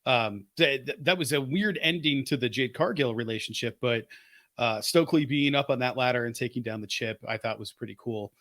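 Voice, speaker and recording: A man talks through his picks in a casual podcast chat, eager and opinionated, thinking out loud as he goes. His voice sits in a middle range and comes across dry and close, with no room around it. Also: medium pitch, fairly quick, no room sound. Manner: enthusiastic, opinionated, thinks aloud. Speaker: podcast co-host.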